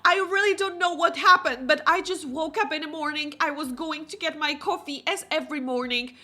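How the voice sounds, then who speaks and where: A woman's voice: sits high, fairly quick, pushed and bright, pitched above the performer's own voice. A woman putting on a sobbing, melodramatic mother. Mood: tearful. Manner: tearful, theatrical, sobbing. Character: grieving dramatic mother, middle-aged woman.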